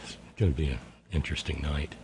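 A man's voice: very deep voice, steady tone, brisk, darkish tone, a little hiss or hum. A middle-aged man hosting a call-in radio show, sardonic, reading listener messages aloud in mocking voices. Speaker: radio talk show host.

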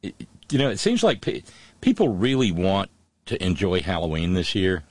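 A man's voice: low-pitched, very animated, moderate pace, no room sound. A man hosting a call-in radio show, talking casually with wry, sardonic asides.

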